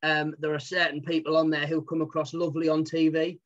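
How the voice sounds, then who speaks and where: Comedian guy rambling away, high voice, muffled dull sound. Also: completely flat delivery, brisk, fairly bright tone. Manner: chatty, rambling, frequent fillers. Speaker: comedian and impressionist. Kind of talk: casual interview chat.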